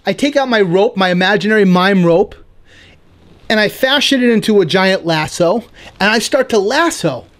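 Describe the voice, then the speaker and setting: Male podcast host, higher register, playful comic storyteller. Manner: animated, playful, quick asides like "right?". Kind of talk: casual storytelling monologue.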